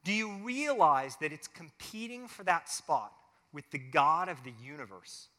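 Male pastor, high and bright, lively family sermon with acted-out voices, long church reverb. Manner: animated, acts out little quoted voices. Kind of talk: family sermon with closing prayer.

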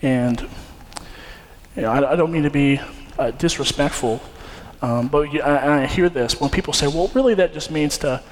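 A man's voice: on the high side, moderate pace, a little hiss or hum. A young man preaching a sermon, telling a personal story in an earnest, conversational way with frequent fillers and restarts. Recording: long hall reverb, faint ambience.

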